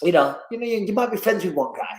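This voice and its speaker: An English man telling stories in a casual podcast chat as a fight commentator, animated and swinging his voice up and down. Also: fast, roomy sound. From England. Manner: animated storyteller, lively swings in pitch and loudness.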